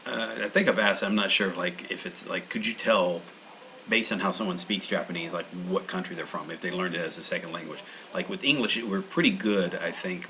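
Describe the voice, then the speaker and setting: Man, very low voice, bright tone, casual rambling talk, faint hiss behind. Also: rough recording. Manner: meandering, full of fillers and restarts. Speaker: language-learning channel host.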